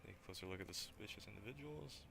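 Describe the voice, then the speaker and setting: A man streaming a role-playing game, reading the narration and his character's lines aloud in a steady, plain way, with casual asides. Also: on the low side, racing, vocal fry, background noise.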